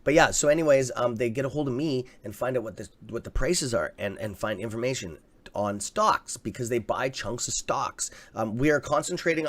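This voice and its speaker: A Canadian man hosting a casual live stock-market stream, chatty and excitable, swearing freely and reading out viewer comments. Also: medium pitch. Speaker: livestream host.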